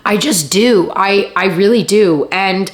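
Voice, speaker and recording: A woman's voice: medium pitch, takes it slowly. A young woman vlogging earnestly to the camera, teary and laughing through tears as she pleads and repeats herself. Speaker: vlogger and acting coach. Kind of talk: emotional confessional vlog.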